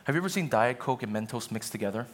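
A man's voice: mid-range voice, animated, fast talker. A male pastor preaching a sermon in an earnest, conversational way, with asides to the congregation.

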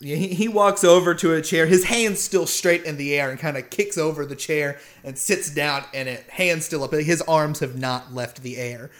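A man's voice: on the high side, fairly even intonation, normal speed, few pauses, a bit bright. Casual man narrating as game master. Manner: loose, hesitant narration with many fillers.

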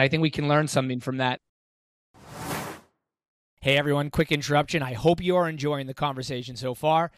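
A man's voice: on the high side, fairly even intonation, brisk, long pauses, fairly bright tone, slight background noise. A man hosting a podcast interview, asking probing, reflective questions and laughing easily. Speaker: podcast host. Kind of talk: conversational interview.

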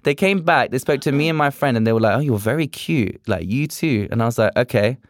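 Lively young man telling stories. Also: mid-range voice, a little fast, no echo. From England. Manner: animated, acts out quoted dialogue. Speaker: podcast guest, drag performer. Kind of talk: casual storytelling chat.

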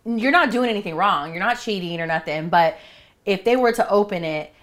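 A woman's voice: medium pitch, lively intonation, fairly quick. A woman guest on a casual talk show. She tells stories in a frank, joking way. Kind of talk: casual chat.

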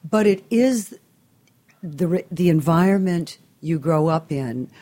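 A woman hosts an interview in a very low, mellow voice. She listens closely and reflects her guest's ideas back in easy conversation. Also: lively intonation, slow. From Southern California, US. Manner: engaged, reflective, sums up the guest's points. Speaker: radio show host, interviewer.

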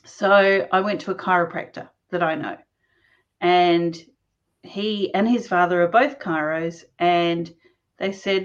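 Animated woman telling a story, dull audio. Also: fairly low pitch, slow. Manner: animated, laughs mid-sentence. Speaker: interview guest. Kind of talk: casual personal storytelling. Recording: dull lo-fi sound.

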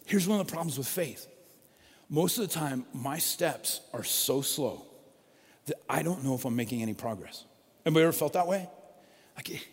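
A man with a somewhat high, husky voice preaches a sermon, telling stories conversationally and swinging between loud emphasis and hushed softness. His voice rings out with the long reverb of a large hall. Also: lively intonation, moderate pace, long pauses. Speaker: pastor.

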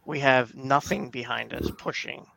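A man's voice: mid-range voice, fairly even intonation, moderate pace, vocal fry, sharp tone, rough recording. A man co-hosting a podcast, chatting casually, joking and swearing. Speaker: podcast co-host. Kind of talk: casual chat.

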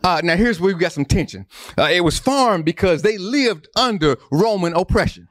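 A pastor with a high-pitched, expressive voice preaches a sermon at normal speed, recorded at studio quality with no echo. He repeats phrases and builds his emphasis higher and higher.

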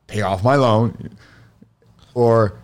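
A man's voice: mid-range voice, extremely slow, darkish tone. A man who runs a jiu-jitsu academy, guesting on a podcast and telling stories bluntly, with plenty of swearing. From Sacramento area. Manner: blunt, profane storytelling. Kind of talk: casual podcast chat.

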